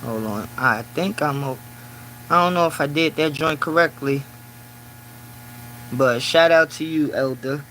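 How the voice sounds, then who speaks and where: A man's voice: on the high side, a little slow, pauses often, slight background noise, rough recording. A man hosting a casual live stream from his small office at work, talking in loose phrases full of "you know". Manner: talks in loose run-on phrases, many "you know" fillers; grows loud and preaching when riled. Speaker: livestreamer.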